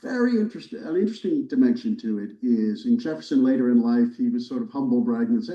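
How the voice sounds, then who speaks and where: A man, a history professor, giving a relaxed, wry lecture to a church audience, with casual fillers and restarts. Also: medium pitch, a little fast. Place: church hall, recorded live. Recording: roomy, distant, dull lecture recording.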